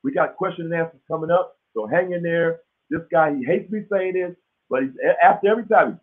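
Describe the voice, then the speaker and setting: A man's voice: a little high, fairly quick. A man hosting a live business webinar in a casual, folksy, emphatic way, often checking in with his listeners, his throat dry. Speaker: webinar host teaching business credit. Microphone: webinar call audio. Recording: tinny phone-like webinar audio.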